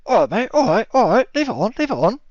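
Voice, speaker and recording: A man voicing a hesitant male lizardfolk warrior who is backing down, speaking in a placating, gruff way. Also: very high-pitched, big pitch swings, fast, darkish tone, no echo, voice pushed up. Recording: dull lo-fi audio.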